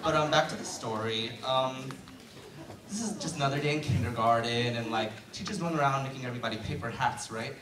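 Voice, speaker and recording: A man's voice: mid-range voice, brisk, noisy background. A teenage male student doing a chatty, self-deprecating stand-up comedy routine in a school auditorium, with many fillers. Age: late teens. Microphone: handheld mic on stand, heard from far. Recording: echoey hall from far off, loud crowd. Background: loud crowd laughter.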